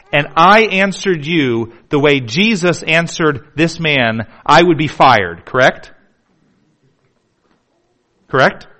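Male pastor, fairly high voice, dramatic sermon delivery that moves from hushed to emphatic. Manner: dramatic, shifts from hushed to emphatic, repeats words.

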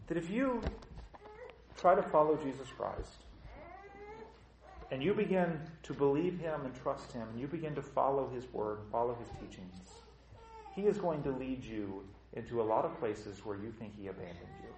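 In a church with lots of reverb, a mid-voiced male pastor speaks at normal speed, bluntly and conversationally. He animatedly voices his congregation's doubts, imitating troubled churchgoers, and asks the room questions.

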